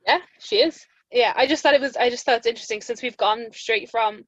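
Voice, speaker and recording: A little high and a little fast, with few pauses and a fairly bright tone, a young Irish woman co-hosts a podcast in casual chat. She tells stories, laughs a lot and acts out quotes; the podcast audio is muffled, without echo.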